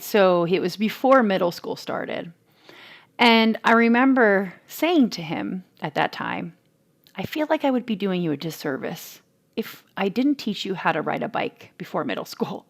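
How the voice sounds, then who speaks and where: A woman in her forties, chatting on her own podcast in a loose, rambling way. Her voice has a gravelly, fry-tinged texture, with pitch that sits mid-range for a woman, and she circles back and restarts as she tells a family story. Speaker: podcast host. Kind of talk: casual solo chat.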